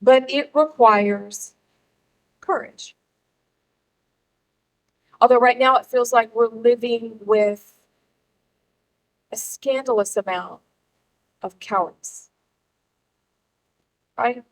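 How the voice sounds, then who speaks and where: At a political gathering, a middle-aged woman gives a rallying speech to the audience in a slightly high voice. She hits key words hard and leaves dramatic pauses for effect. The recording is rough.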